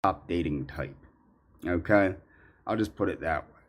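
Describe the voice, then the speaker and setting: A man in a ranting monologue, accusatory and indignant, halting with fillers. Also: sits low. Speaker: commentary subject in clips.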